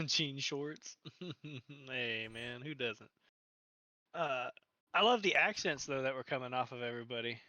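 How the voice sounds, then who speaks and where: A man's voice: mid-range voice, animated, a little slow, long pauses, sharp tone, dry recording, lo-fi sound. A man co-hosting a podcast, casually recapping a movie with lots of laughter and profanity. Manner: laughing, profane, acting out quotes. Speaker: podcast co-host.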